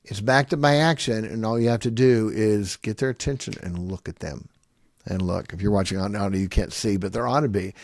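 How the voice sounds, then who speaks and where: A middle-aged man gives parenting advice in an animated, conversational way. He slips into quick voices of parents and children and laughs between points. His voice is recorded close and dry, with no room sound. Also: lowish voice, dry recording. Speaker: parenting teacher. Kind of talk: conversational teaching talk.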